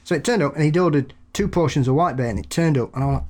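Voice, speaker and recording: A man's voice: on the high side, racing, darkish tone. A man co-hosting a podcast, chatting casually with jokey, rambling anecdotes. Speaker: podcast co-host. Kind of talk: casual chat.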